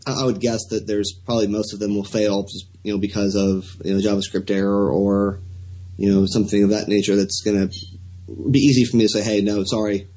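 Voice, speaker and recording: A man's voice: on the low side, flat delivery, fairly quick, mellow, poor audio. A man co-hosting a casual podcast, talking in a rambling, hesitant way with many restarts. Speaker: podcast co-host.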